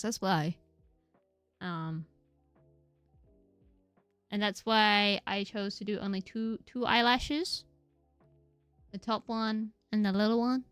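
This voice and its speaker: A woman streaming a game, chatting casually, giggly and rambling, with lots of upward inflections and a slightly croaky voice. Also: on the high side, unhurried, pauses often, a bit bright, no echo, soft background music. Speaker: VTuber streamer. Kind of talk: casual live-stream chat while gaming.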